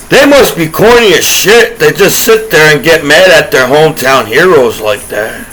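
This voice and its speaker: High-voiced, bright man ranting. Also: lively intonation, measured pace, poor audio. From United States. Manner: aggrieved, profane, repetitive, trailing restarts. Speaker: disabled combat veteran vlogger. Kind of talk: rambling profane rant to camera.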